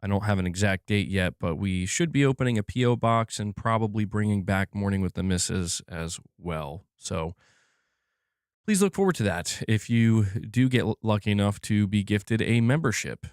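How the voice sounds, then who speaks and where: A man's voice: lowish voice, lively intonation, normal speed, clean tone, dry recording, studio quality. A man hosting a casual gaming livestream, chatting loosely and reading out viewers' chat messages. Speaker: livestream host.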